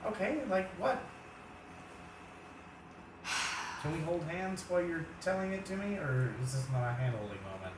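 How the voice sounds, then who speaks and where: A man's voice: a little high, lively intonation, moderate pace, long pauses, background noise, lightly acted. A man improvising an awkward young man on a date who talks in a hesitant, fumbling way. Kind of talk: improvised comedy scene. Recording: roomy, from a distance.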